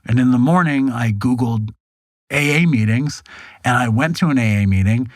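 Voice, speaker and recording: A man's voice: mid-range voice, moderate pace, dry recording. A man in his forties, a podcast guest, tells his story frankly, swearing and acting out the lines of other people. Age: 40s. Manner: frank, animated, acts out quoted dialogue, swears. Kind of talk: candid storytelling interview. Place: podcast studio.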